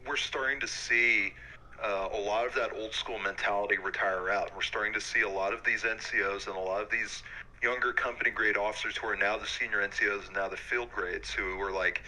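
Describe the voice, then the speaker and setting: A man in his thirties, an Army warrant officer, talking frankly in a relaxed interview with many fillers. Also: lowish voice, brisk, rough recording. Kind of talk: casual interview.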